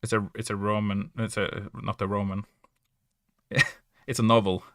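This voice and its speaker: A man's voice: lowish voice, flat delivery, normal speed, a bit bright, no echo, studio quality. A man from Norway with a Norwegian accent, a native Norwegian speaker, chatting casually in English, hesitant and self-correcting with frequent laughs. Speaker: podcast guest or player. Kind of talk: casual chat.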